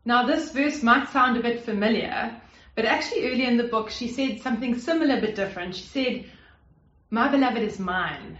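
A woman's voice: fairly high pitch, fairly quick, a bit bright. A woman preaching a sermon in an earnest, conversational way, with fillers and restarts. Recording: roomy, slightly dull sound.

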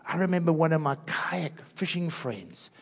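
An older man with a South African accent, preaching an earnest sermon through personal stories and dropping soft and low at tender moments. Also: animated, moderate pace, creaky, husky. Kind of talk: storytelling sermon. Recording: long hall reverb.

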